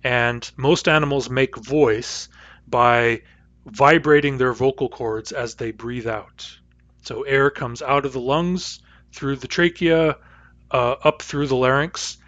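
A man's voice: medium pitch, fairly bright tone, lo-fi sound. A man teaching a phonetics lesson, explaining sounds patiently and demonstrating each one aloud. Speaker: language teacher.

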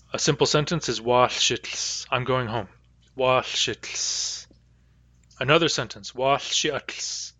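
Careful, bright-voiced man teaching a class. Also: mid-range voice, dry recording. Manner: slow, careful explanations with many fillers. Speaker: language teacher. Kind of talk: online language class.

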